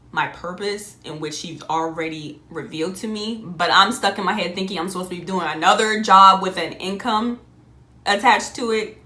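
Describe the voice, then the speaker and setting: A young adult woman telling a personal story in a casual, animated way, often laughing and jumping up high on exclamations. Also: echoey room. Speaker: vlogger.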